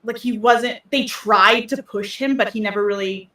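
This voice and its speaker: A woman's voice: fairly high pitch, moderate pace, a bit bright, recorded from a distance. A woman co-hosting a casual podcast chat, rambling with many ums and restarts. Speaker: podcast co-host. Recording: roomy sound, voice off-mic.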